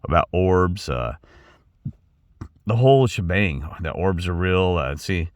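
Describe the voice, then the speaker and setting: A man's voice: deep voice, lively intonation, takes it slowly, dry recording, studio quality. A middle-aged man talking in a rambling personal monologue, repeating himself and restarting often. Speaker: channel host.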